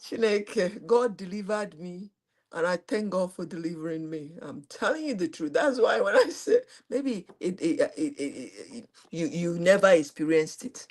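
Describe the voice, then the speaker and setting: Expressive and moderately paced, a middle-aged host with a Nigerian accent tells a live audience a personal story. Her voice leaps to high exclamations, then drops to quiet asides.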